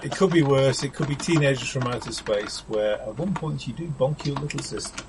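A man's voice: mid-range voice, brisk, noisy background. A man playing a tabletop game in an easygoing, teasing manner. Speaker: player. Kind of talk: casual tabletop game play.

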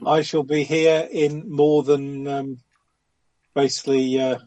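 Male player, slightly high pitch, chatty, hesitant. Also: level tone, takes it slowly, crowd noise. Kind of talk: casual game chat.

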